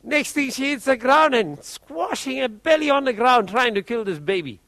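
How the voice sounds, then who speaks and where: A man preaching, telling a testimony story in an animated way and often repeating his words. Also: very high-pitched, moderate pace, gravelly, no echo.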